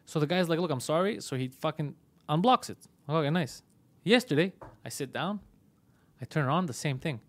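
This comedy podcast host has a slightly high voice and a fairly quick pace. Chatting casually, he tells a story full of swearing, animatedly playing both people in a phone argument.

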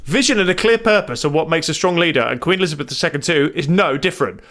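Lively man reading with sarcastic asides. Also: fairly high pitch, fast. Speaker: comedy podcast co-host. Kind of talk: joking chat, reading an article aloud.

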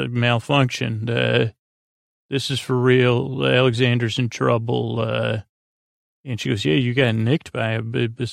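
Man, podcast host, casual rambling recap, gravelly, flat delivery, dry close sound. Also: medium pitch, no echo. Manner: rambling, many filler "uh"s, quotes characters in his own voice.

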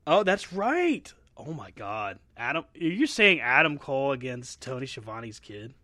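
A man's voice: mid-range voice, big pitch swings, unhurried, pushed and bright, no room sound, clean studio sound. A man co-hosting a casual wrestling podcast, chatty and laughing often, with hiccups. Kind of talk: casual chat.

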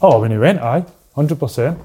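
A man with a Scottish accent, a former footballer, recalling matches in a slow, low-key casual chat. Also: animated, warm tone, breathy edge.

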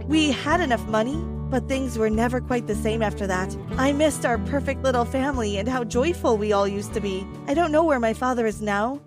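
A woman storyteller giving a scripted, emotive first-person narration for an animated story. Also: fairly high pitch.

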